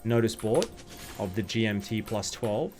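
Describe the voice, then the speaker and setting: A man's voice: on the low side, normal speed, music in the background. A young man, jet lagged, rambling through casual gameplay commentary as a streamer with joking, sarcastic asides.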